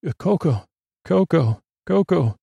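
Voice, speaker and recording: A man voicing a gentle, dreamy male janitor who frets and repeats himself. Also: medium pitch, fairly even intonation, a little slow, gravelly, no echo, lo-fi sound. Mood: worried. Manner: fretful, repeating a name.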